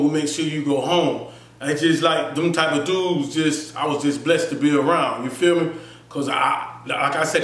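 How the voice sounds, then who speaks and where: A man telling his story in a casual interview, animated and acting out voices, often asking "you feel me". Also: on the high side, distant mic. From Florida, US. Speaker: interview guest. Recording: echoey room, somewhat off-mic.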